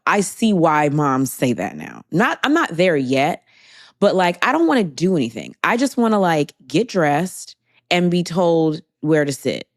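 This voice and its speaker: A woman's voice: low voice, no room sound, studio quality. A woman co-hosting a podcast, chatting candidly and wryly about her week. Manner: candid, wry, rambling. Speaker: podcast co-host. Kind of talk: casual chat.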